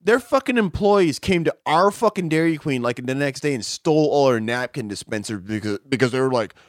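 A man's voice: mid-range voice, animated, fairly quick, dry recording, studio quality. A man telling a story in casual chat, swearing often and rambling through fillers. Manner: rambling, profane, many fillers.

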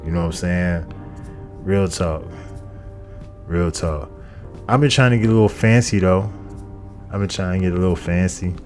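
Male podcast host, low dark voice, swears constantly and rambles, faint music behind. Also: moderate pace, pauses often. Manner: profane, rambling, repeats phrases. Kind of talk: casual comedic monologue.

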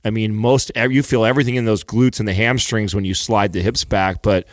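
A man co-hosting a fitness podcast, explaining exercises in a relaxed, casual way. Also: on the low side, brisk, no room sound, studio quality. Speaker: podcast co-host, fitness trainer.

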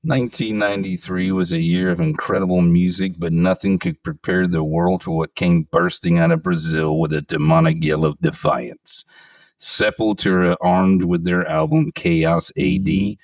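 A man's voice: sits low, moderate pace, darkish tone, dry recording, recorded from a distance. A man hosting a metal podcast, reading enthusiastic album reviews and chatting with profane emphasis. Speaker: podcast host. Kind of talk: casual podcast chat with read reviews.

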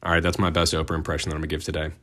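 A young man with a low voice narrates a prepared script as host. His tone is bright and forceful, and he slips in wry, sardonic asides. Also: completely flat delivery, very fast. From United States.

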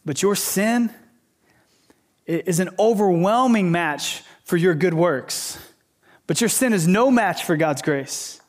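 A man preaches a sermon and drives home his points with animated, emphatic storytelling. His voice sits fairly high. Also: takes it slowly. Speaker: pastor, teacher.

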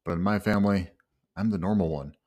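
A man's voice: deep voice, brisk, a little mellow. A man from England telling his own story in the first person, wry and self-mocking.

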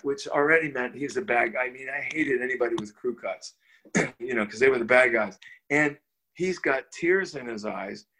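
Older man telling a lively story. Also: medium pitch. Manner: animated, stammering restarts, chuckling asides. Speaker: interview guest. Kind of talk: casual storytelling.

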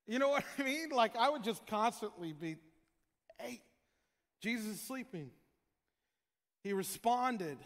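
A male pastor delivers a sermon, his voice high and bright. He talks casually and jokes with his listeners, and now and then he bursts into loud shouted prayers. Long reverb from the hall trails behind him. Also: very animated, takes it slowly, pauses often. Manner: joking, jumps to loud shouted prayer impressions.

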